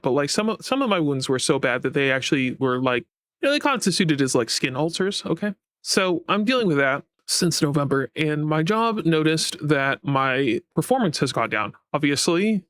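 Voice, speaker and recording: A man's voice: on the high side, a bit bright, smooth, dry recording, studio quality. A man giving a casual personal update to his viewers as a VTuber, rambling and frustrated, swearing often. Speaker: VTuber and YouTube creator.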